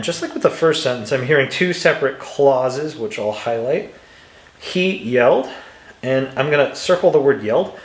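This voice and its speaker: Patient male English teacher, roomy sound. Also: mid-range voice. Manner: patient, methodical, reads example sentences aloud with exaggerated intonation. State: dry throat, clears it now and then. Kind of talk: instructional walkthrough.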